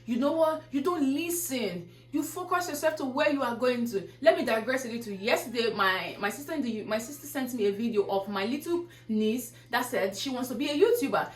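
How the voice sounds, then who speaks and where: A woman vlogger delivers an earnest pep talk, firing rhetorical question after question at her viewers. Her voice sits a little high. The room around her is echoey. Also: expressive, brisk, hardly any pauses. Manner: preachy, repeats rhetorical questions. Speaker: YouTuber giving motivational talk. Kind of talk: casual motivational vlog.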